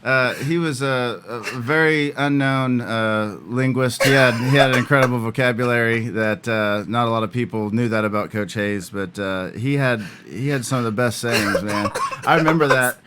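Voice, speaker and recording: A man of middle pitch is a guest on a casual podcast. He tells old stories haltingly, with plenty of uh's, and keeps breaking into laughter. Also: very noisy. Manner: halting, laughing storyteller with many fillers. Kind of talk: casual interview chat.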